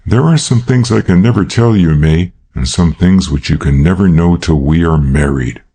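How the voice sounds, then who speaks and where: A man's voice: sits low, moderate pace, dark tone, breathy edge. A man reading an audiobook, voicing a young man who pleads earnestly and with passion. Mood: pleading.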